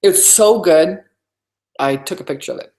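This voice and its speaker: A woman business coach talks through a live webinar in a deep voice. She is chatty and emphatic, drops in asides and repeats her key phrases to drive them home. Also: moderate pace, darkish tone.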